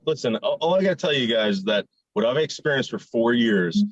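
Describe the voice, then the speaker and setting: A man's voice: medium pitch, expressive, brisk, no echo. A man arguing on a group call, defensive, stammering and repeating himself. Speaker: stream guest. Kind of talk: heated group call argument. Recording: dull lo-fi call audio.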